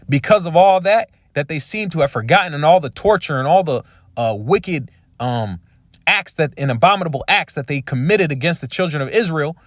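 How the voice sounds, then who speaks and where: Male preacher, emphatic sermon delivery, fairly high voice, dry sound. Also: fairly bright tone, no echo. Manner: emphatic, with frequent tag questions.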